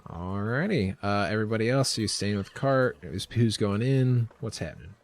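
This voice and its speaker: A man's voice: fairly low pitch, lively intonation, moderate pace. A young man narrating as game master in a casual, hesitant way with many fillers.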